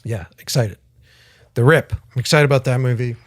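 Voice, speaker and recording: A man's voice: mid-range voice, normal speed, dry recording. Man, podcast co-host, casual rambling chat, dry close sound. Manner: rambling storyteller, swears casually.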